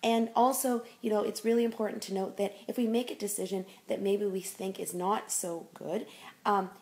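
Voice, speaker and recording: A woman's voice: mid-range voice, steady tone, moderate pace, a little mellow. A woman life coach giving an encouraging motivational talk, her speech full of ums and you-knows.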